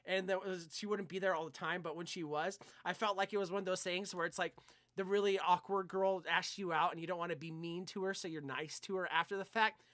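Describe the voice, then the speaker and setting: Brisk and high-voiced, a young male podcast co-host rambles through a profane, lively anecdote during casual banter. There's no echo on the recording.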